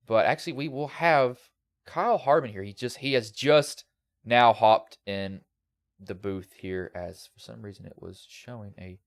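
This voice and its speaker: Smooth-voiced man recapping a race. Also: mid-range voice, no room sound, clean studio sound. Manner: casual, rambling recap with a slight country lilt. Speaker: sim racing broadcaster. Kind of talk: post-race commentary.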